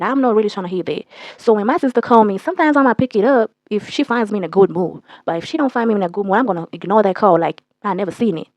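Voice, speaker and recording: A young woman telling a casual, profane storytime with a blunt, animated delivery. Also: medium pitch, no room sound. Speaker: storytime vlogger.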